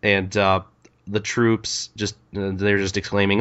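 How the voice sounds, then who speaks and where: The podcast co-host retells manga scenes in relaxed conversation, full of ums and uhs and quick quoted lines. His low-ish voice is smooth and a bit bright with little pitch movement, captured on a muffled recording.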